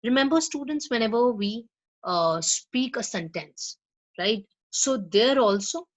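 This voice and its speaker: A woman's voice: medium pitch, poor audio. A woman teaching a lesson on pronunciation to students, explaining step by step and often checking in with "right?". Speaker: spoken English teacher. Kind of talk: lecture to students.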